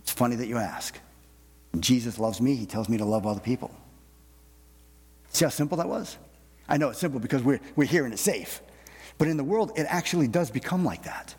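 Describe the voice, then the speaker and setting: Husky-voiced man preaching in a reverberant hall. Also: medium pitch, lively intonation, brisk, long pauses, darkish tone. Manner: folksy, self-deprecating, repeats words as he goes. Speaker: pastor. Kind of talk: conversational sermon. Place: church sanctuary. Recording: long reverb of a large hall.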